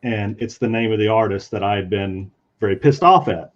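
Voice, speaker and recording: A man with a lowish voice talks briskly, a comic artist recounting a convention story in casual chat while he draws. He's animated and acts out the voices of the people in the story. The stream audio is dull and lo-fi.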